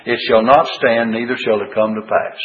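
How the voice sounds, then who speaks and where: A man teaching from the Bible in a folksy, conversational way, rising high in pitch when he gets stirred up. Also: fairly even intonation, moderate pace, a little hiss or hum. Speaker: preacher. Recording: tinny phone-like radio broadcast.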